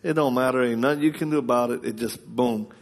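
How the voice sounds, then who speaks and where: Male preacher, conversational sermon, animated and colloquial delivery, mid-pitched voice. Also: quick pace, gravelly. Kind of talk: storytelling sermon.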